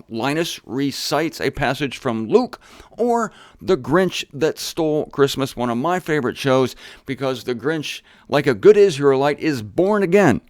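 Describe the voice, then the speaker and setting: A man's voice: medium pitch, no room sound. A man giving an informal Bible teaching in a studio, with joking asides and rhetorical questions to his audience. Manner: hurried near the end. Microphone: studio camera setup.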